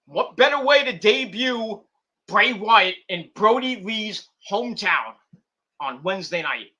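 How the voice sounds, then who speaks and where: A young man hosting a wrestling stream, rambling in casual commentary and acting out scenes with quick put-on voices. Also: sits high, expressive, pushed and bright.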